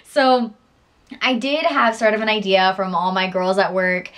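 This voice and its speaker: A woman's voice: mid-range voice, flat delivery, measured pace, a bit bright. Brief: young woman vlogger, giggly and gushing, mid-range voice, casual storytelling to camera. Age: young adult.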